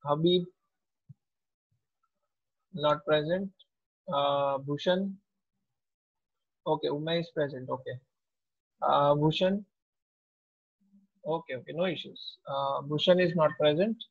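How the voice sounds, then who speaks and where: A man, a teacher taking attendance in an online class in a slow, unhurried way. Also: a little high, vocal fry. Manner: slow, unhurried roll call. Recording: tinny, phone-like audio.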